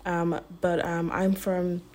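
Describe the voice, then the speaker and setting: Relaxed young Irish woman, low-pitched. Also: slow. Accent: Irish, mixed with some British. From Nigeria, raised in Ireland. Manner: reflective, with frequent ums and restarts. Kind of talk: casual podcast chat.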